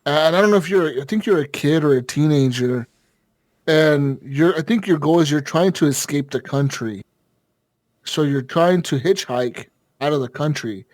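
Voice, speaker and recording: A man's voice: a little high, normal speed, a little mellow, dry recording. A man co-hosting a gaming podcast, rambling and swearing freely as he chats casually. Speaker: podcast co-host.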